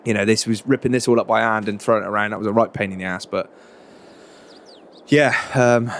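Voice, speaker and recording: Gravelly bloke chatting in a roleplay game. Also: male voice, lowish voice, steady tone, fairly quick, slight background noise. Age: middle-aged. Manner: chatty, lots of fillers, says mate and proper chuffed. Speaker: farmer character and roleplay narrator. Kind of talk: casual in-character roleplay chat.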